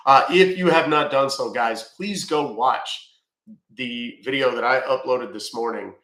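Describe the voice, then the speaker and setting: A man's voice: medium pitch, measured pace, a bit bright, reverberant. A man hosting a livestream who chats loosely and swears freely. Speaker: livestream host. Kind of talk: casual livestream chat.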